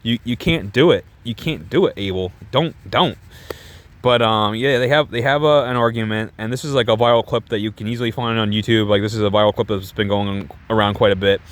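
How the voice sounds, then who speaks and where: A man's voice: lowish voice, fairly quick. Rambling sarcastic man reviewing a movie. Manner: rambling, sarcastic, profane, full of restarts. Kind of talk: casual chat.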